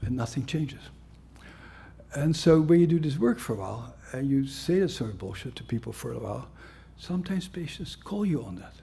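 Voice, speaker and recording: A man's voice: mid-range voice, expressive, moderate pace, vocal fry, mellow, breathy edge. A man giving a conference lecture as a psychiatrist, blunt and conversational with a wry humor.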